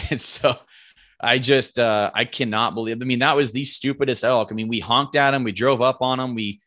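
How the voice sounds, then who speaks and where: A man guesting on a podcast, telling a hunting story in a casual, animated way, acting out what people said and swearing freely. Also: medium pitch, normal speed. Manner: animated, acts out quoted lines, swears casually. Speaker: podcast guest, bow hunter.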